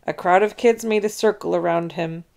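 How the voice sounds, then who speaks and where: A woman reading a children's chapter book aloud in an expressive, animated way. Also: lowish voice, moderate pace, gravelly. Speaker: storybook reader. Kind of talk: children's read-aloud narration.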